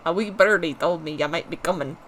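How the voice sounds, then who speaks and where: A man's voice: on the high side, brisk, bright, forceful tone, a little hiss or hum. A player voicing a friendly male woodcutter, putting on a thick, uncertain accent and reading game dialogue in a folksy, teasing way. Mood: hearty. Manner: folksy, teasing, calls people mate.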